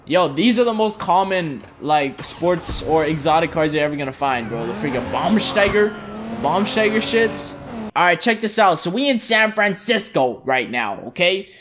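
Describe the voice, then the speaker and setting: A young man commenting on his own gameplay in loose slang, excitable and swearing constantly. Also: a little high, moderate pace, hardly any pauses. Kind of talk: casual let's-play commentary.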